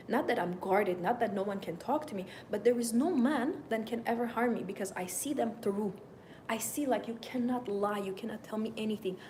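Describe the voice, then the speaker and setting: A woman's voice: medium pitch, dark tone, a little hiss or hum. A woman dating coach speaking live, emphatic and moralizing, repeating her phrases for effect. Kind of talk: live stream monologue.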